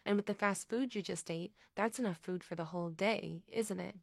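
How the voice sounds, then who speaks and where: A woman voicing a teasing man who keeps pressing with mock-gentle questions, in a story reading. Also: mid-range voice, moderate pace, creaky, dry recording, clean studio sound.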